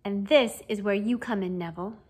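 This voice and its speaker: A woman voicing a kindly, cheerful middle-aged male teacher in a fan audiobook reading, with a gentle, encouraging way of explaining. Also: mid-range voice, a little fast, slightly rough, natural voice.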